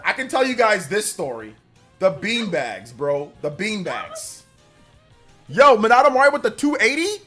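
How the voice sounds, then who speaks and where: A man's voice: sits high, huge pitch swings, measured pace, sharp tone, soft background music. A young man hosting a livestream, telling a rambling school story in casual chat and thanking viewers for donations. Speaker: livestream host.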